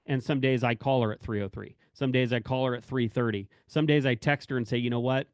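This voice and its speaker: A little fast and fairly even in intonation, this mid-range male voice belongs to a corrections officer speaking to colleagues. Recorded cleanly with no room sound, he rambles candidly about work and family, self-correcting and acting out exchanges.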